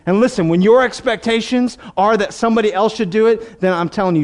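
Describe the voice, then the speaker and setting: High-voiced, animated male pastor. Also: fairly quick, hardly any pauses. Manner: animated, joking, emphatic. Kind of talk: sermon.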